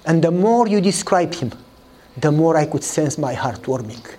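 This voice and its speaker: A man preaching a sermon, telling a story and acting out the dialogue with lively voices. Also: normal speed, a little hiss or hum. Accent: Eastern European. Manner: animated storytelling, acts out dialogue in a higher voice.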